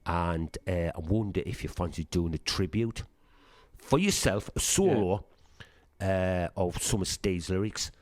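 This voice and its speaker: A middle-aged man with a Sunderland accent chats through his band's history in a casual interview. His voice sits a little low and sounds close and dry, with no room around it. He brings his stories to life by acting out what others said and swears freely along the way. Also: measured pace, no room sound. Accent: Northeast English (Sunderland). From Sunderland, England. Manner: lively anecdotes, acts out quoted dialogue, swears freely. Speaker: punk band singer, guest.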